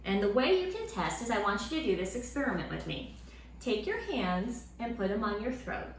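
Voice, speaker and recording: A woman teaching a Sunday school lesson to children at home, in a lively, encouraging way. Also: mid-range voice, a little fast, a little hiss or hum. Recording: roomy room sound with faint ambience.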